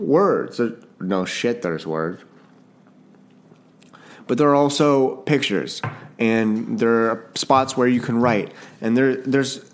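A Canadian man hosts a casual solo podcast, talking in a loose, rambling way in an ordinary middle-pitched voice. He often breaks off mid-sentence to start over, makes jokes at his own expense and apologizes repeatedly.

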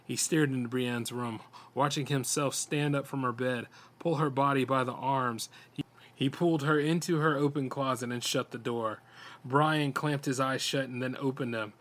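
Male podcast host; dramatic horror-story narration, steady with small stumbles. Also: mid-range voice, normal speed.

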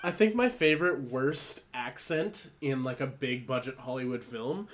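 A man's voice: mid-range voice, moderate pace, fairly bright tone. A man joining a casual podcast chat, joking and laughing in the middle of sentences.

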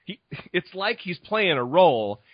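A man's voice: high-pitched, sing-song, unhurried, no echo, lo-fi sound. Sarcastic, profane podcast host, man. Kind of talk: casual chat.

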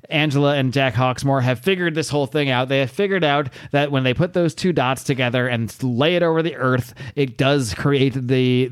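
A man's voice: medium pitch, clear, resonant tone. A man casually recapping a comic book. He rambles and chats, full of fillers and asides. His voice sits in a middle range and sounds close and dry, with no room echo. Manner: rambling, chatty, with fillers and laughter. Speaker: podcast host.

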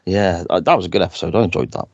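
Man, very deep voice, chatty enthusiastic recap, dry close sound. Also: racing, darkish tone, no echo, muffled recording. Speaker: podcast co-host. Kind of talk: casual chat, recapping an episode.

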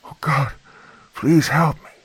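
Horror story: a man doing a frantic woman outside the door, high and trembling, begging. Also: steady tone, slow pace, a bit bright, breathy edge, no echo, heavily acted. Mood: desperate pleading. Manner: high, trembling, desperate pleading. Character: terrified pleading young woman at the door.

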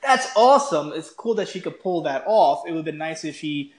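A man's voice: fairly high pitch, animated, moderate pace, reverberant. A man co-hosting a podcast, chatting earnestly and calling his partner "bro". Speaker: podcast co-host. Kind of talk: casual chat.

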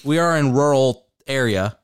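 A man's voice: medium pitch, animated, moderate pace, a little hiss or hum. A young man co-hosting a podcast, joking around in casual chat and laughing often. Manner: laughs often, playful banter. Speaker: podcast co-host.

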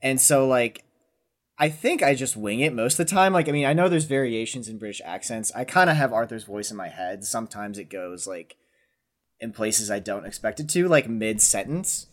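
A man's voice: mid-range voice, animated, normal speed. A man talking loosely about playing characters on a tabletop game show. He rambles and peppers his talk with fillers, often trailing off. He keeps it easy and conversational. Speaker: tabletop game podcast player. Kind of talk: casual chat.

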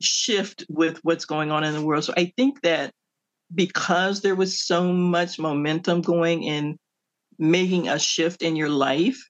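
A middle-aged woman from the Midwestern United States, an author answering interview questions in an animated storytelling way, laughing often. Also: low-pitched, unhurried. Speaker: author guest. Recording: dull lo-fi audio.

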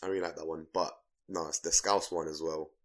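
A young man with a London accent, with a very low, deep voice. He co-hosts a relaxed podcast, giving blunt and teasing opinions and scattering "like" through his talk. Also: a little fast. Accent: London English. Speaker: podcast co-host. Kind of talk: casual chat.

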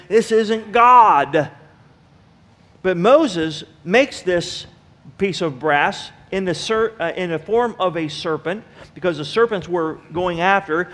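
A middle-aged pastor preaches in a church, his voice sitting a little high for a man. He tells homespun stories and turns to the congregation with plain, direct talk. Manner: folksy storytelling, speaks directly to the congregation. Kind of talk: sermon. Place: church sanctuary.

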